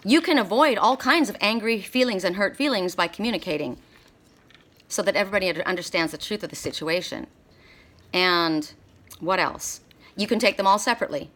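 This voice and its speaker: A woman's voice: medium pitch, bright, forceful tone. A woman doing a spiritual oracle card reading, talking earnestly and encouragingly, often repeating her words.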